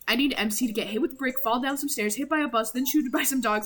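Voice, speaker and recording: A woman's voice: fairly high pitch, fast talker, hardly any pauses, a bit bright, faint music behind. A woman streamer chatting casually, joking around in a playful way with lots of slang. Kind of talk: casual chat.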